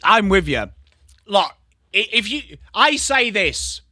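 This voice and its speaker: A man's voice: sits high, big pitch swings, slow, bright, forceful tone, no room sound, clean studio sound. An English man hosting a live football watchalong stream, chatting bluntly with viewers by name between calls on the play. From England. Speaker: livestream host.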